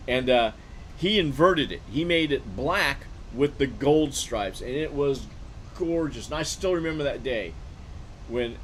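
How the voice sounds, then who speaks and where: A man of middling pitch tells a meandering story while he plays, stopping and restarting often, with "uh" and "you know" everywhere. Faint noise sits under his voice. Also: a bit bright, rough recording. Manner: rambling, full of fillers and restarts. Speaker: game streamer. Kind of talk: casual storytelling while gaming.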